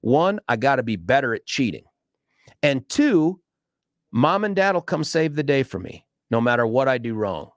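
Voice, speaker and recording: A man's voice: mid-range voice, big pitch swings, normal speed, no echo, studio quality. A man hosting a talk radio show, telling a story in a monologue and acting out the voices of the people he quotes.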